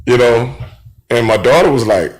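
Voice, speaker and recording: A middle-aged man hosting a radio show, telling stories from the road in a casual, animated way and acting out the dialogue. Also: medium pitch, moderate pace. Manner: animated storyteller, acts out quoted dialogue, frequent "you know what I'm saying".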